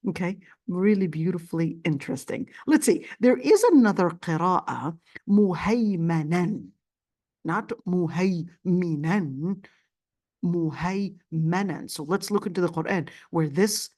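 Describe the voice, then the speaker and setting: A woman's voice: fairly low pitch, darkish tone. Woman teaching Quran commentary. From Palestinian family. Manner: explanatory, repeats words, frequent fillers. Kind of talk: classroom lecture.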